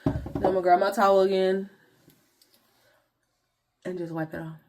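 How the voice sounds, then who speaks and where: A woman's voice: medium pitch, little pitch movement, normal speed, a little mellow. A young woman vlogger chatting casually to viewers in slangy talk while walking through her skincare routine. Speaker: beauty vlogger.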